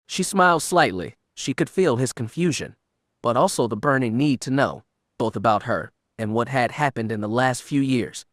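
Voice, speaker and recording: A man's voice: mid-range voice, lively intonation, normal speed, fairly bright tone, no room sound. Man narrating an audiobook, dry sound.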